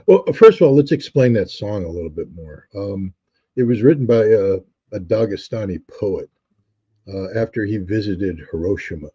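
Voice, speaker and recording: A man's voice: on the low side, expressive, moderate pace, mellow, breathy edge, highs cut off. A man, a guest on an interview show, telling stories reflectively with frequent restarts and fillers. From United States. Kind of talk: conversational storytelling.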